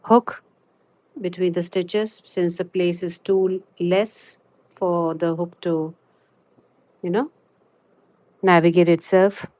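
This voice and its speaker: A woman's voice: fairly low pitch, steady tone, a little mellow. Chatty woman streaming a crochet lesson. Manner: chatty, fills pauses with "you know". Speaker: crochet livestreamer. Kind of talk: live crochet tutorial and chat.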